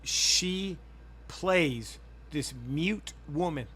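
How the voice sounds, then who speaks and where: Man, podcast host, casual chat, profane, rambling, bright voice. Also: a little high, very slow, breathy edge. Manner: profane, rambling, excitable storyteller.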